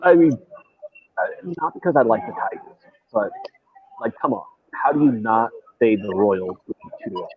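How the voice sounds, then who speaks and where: A man co-hosting a casual betting podcast, talking through his picks in a relaxed, agreeable way. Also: mid-range voice, normal speed, creaky, a crowd in the background. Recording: dull lo-fi audio, TV on behind. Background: a baseball game on TV.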